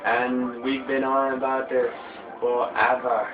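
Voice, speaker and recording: A teenage boy doing let's play commentary, excitable and swearing when frustrated, often drawling his words. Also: mid-range voice, slow. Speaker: gameplay commentator. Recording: tinny phone-like audio in an echoey room. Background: game music.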